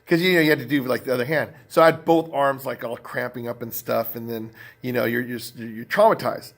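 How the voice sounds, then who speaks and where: A man's voice: medium pitch, steady tone, fairly quick, gravelly. A man with a mid-range voice talks straight to the camera. He tells a long personal story in a loose, rambling way. He stumbles through fillers and restarts as he goes. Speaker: vlogger. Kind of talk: casual storytelling vlog.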